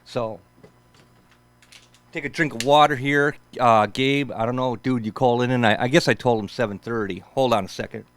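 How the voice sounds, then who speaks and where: Fifties male host, relaxed storyteller, deep-ish resonant tone, dry recording. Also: smooth, no echo. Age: 50s. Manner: laid-back, peppered with "man" and "for sure". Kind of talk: rambling casual storytelling.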